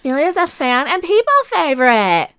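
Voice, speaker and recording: A woman voicing a mocking airheaded young Valley Girl with a breathy sing-song whine. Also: high-pitched, big pitch swings, moderate pace, fairly bright tone, dry recording, heavily acted.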